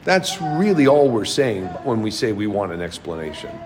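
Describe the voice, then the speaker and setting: A man's voice: lowish voice, sing-song, moderate pace, a little mellow, slight background noise. A man preaching a sermon, teaching a class and asking his listeners many rhetorical questions.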